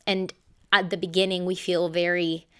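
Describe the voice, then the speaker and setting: A young woman reading a scripted book review in a measured way. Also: on the low side, level tone, smooth.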